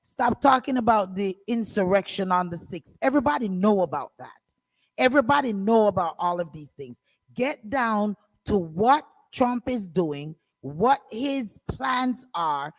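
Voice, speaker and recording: A woman's voice: medium pitch, poor audio. A woman hosting a call-in radio show, arguing her point with emphasis and repeating phrases.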